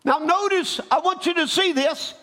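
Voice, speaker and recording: A man preaching a sermon, rising from calm storytelling into loud, fervent exhortation. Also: very high voice, moderate pace. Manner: building to shouted exhortation.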